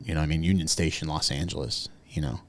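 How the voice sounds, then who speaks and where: A man's voice: rumbling low, steady tone, fast, slight background noise. A man on a comedy podcast telling a rambling, profane story with bits of hardboiled noir voice. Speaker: podcast co-host.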